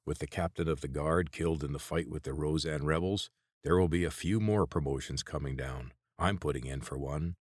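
A man's voice: rumbling low, fairly quick, no room sound, clean studio sound. A man growling as a sneering guard. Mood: menacing. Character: gruff male guard with rotten teeth, scornful. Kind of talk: audiobook character voice.

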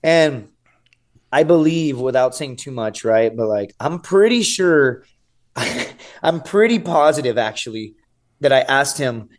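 Give me a man in his thirties with a voice of middling pitch, recounting a story on a podcast in a loose, animated way, peppering his talk with "dude" and "right?" and the odd curse word. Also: a little slow. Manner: animated, swears freely, says "dude" and "right?" often. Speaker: podcast guest, survival show contestant. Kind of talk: casual interview storytelling.

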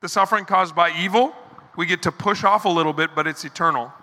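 Bright, high-voiced male preacher. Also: quick pace. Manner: animated, repeats words when building a point. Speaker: pastor. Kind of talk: sermon. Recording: reverberant hall with soft music behind.

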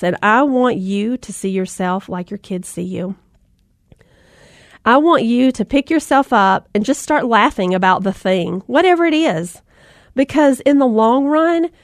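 A middle-aged woman with a slightly high voice talks straight to mothers in a bright, folksy, encouraging way. The sound is close and dry, with no room around it. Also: dry recording. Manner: upbeat, folksy, addresses listeners as "mama" and "y'all". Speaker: motivational speaker for mothers. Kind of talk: motivational talk with anecdotes.

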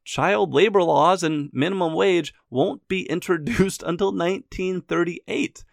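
A man's voice: sits high, unhurried, creaky, no echo, studio quality. A man narrating history in a scripted but conversational way, adding his own opinions and wry asides. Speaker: history podcast host.

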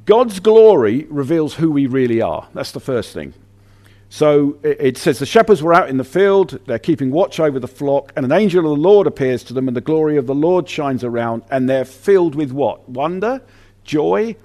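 A man preaching a sermon in an animated, conversational way, often restarting his sentences. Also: fairly high pitch.

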